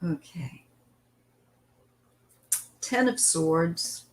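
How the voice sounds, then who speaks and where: Slow, low-voiced woman reading tarot live. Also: expressive, low-quality recording. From western United States. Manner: chatty, meandering, greets viewers by name. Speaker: tarot reader hosting a live stream. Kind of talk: casual live-stream chat and tarot reading.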